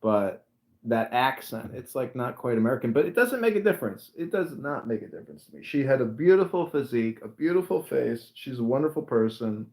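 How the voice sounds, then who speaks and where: A man's voice: mid-range voice, sing-song, a little fast, darkish tone, rough recording. A young adult man hosting a podcast, chatting casually in a rambling, self-dramatizing and crude way. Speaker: podcast host. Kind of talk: casual chat.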